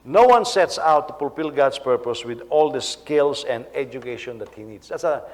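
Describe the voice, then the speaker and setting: A man, a senior pastor, preaching a sermon in an animated, halting way, often repeating words as he goes. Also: medium pitch. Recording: long reverb of a hall.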